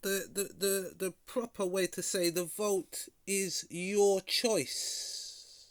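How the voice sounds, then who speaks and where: A man hosting a video reaction, talking critically in a halting way and often repeating words. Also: high voice, steady tone, no echo, studio quality. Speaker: vlog host reacting to a clip. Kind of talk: casual reaction commentary.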